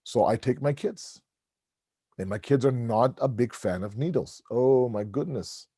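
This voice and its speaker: Man, middle-aged, conversational sermon, storytelling, mellow tone, dry close sound. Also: medium pitch, a little slow, husky, dry recording. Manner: storytelling, animated, acts out family dialogue. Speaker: speaker at a religious gathering. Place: mosque hall.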